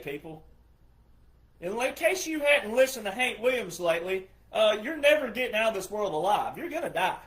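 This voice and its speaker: High-voiced man ranting emphatically. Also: sing-song, fairly quick. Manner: forceful, repetitive, rhetorical questions. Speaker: retired military veteran commentator. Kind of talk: emphatic monologue commentary.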